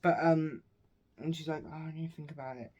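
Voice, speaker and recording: A man's voice: on the high side, fairly even intonation, brisk, darkish tone, highs cut off. A man casually recapping a film's plot in a rambling, meandering way, often correcting himself. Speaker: movie reviewer.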